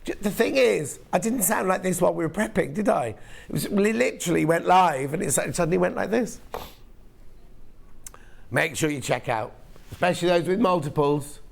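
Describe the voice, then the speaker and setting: A man's voice: sits high, animated, normal speed. A man hosting a live shopping channel show while losing his voice, chatting and joking with viewers. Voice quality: croaky, gravelly. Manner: chatty, self-mocking banter with viewers. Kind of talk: live sales presenting.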